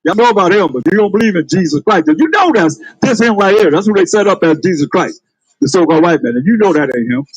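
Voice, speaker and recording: A man's voice: high voice, lively intonation, fast talker, breathy edge, no room sound, dull audio. A man preaching on the street, calling out to passers-by with emphatic, laughing delivery. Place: outdoors on a street.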